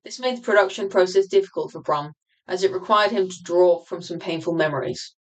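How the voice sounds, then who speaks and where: Low-voiced woman reading her book aloud. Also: lo-fi sound. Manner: measured, explanatory reading with occasional restarts.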